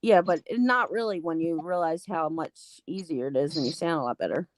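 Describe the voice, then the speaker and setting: A woman's voice: low voice, normal speed, no echo. A woman co-hosting a livestream, giving matter-of-fact advice in casual chat.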